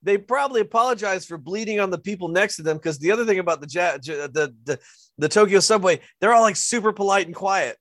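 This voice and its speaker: High-voiced man, dry wry banter. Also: fast talker, a bit bright, no room sound. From New York. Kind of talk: casual chat.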